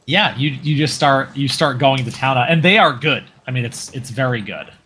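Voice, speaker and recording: Bright-voiced man running a tabletop game. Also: medium pitch, moderate pace, slight background noise. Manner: rambling, filler-heavy description. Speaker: game master.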